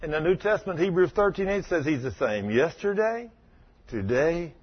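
Husky preacher, fervent and animated. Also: male voice, a little high, normal speed, lo-fi sound. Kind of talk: sermon.

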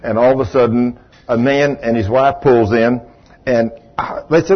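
A man preaching a sermon, telling a story in an animated way and acting out the quotes, with a husky voice. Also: mid-range voice, normal speed, muffled recording.

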